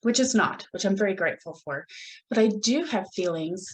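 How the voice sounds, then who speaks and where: A woman hosting her own podcast, talking in an earnest, reflective way with pauses and restarts. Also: mid-range voice, expressive, rough recording. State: gets emotional at moments. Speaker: podcast host. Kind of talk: solo podcast talk.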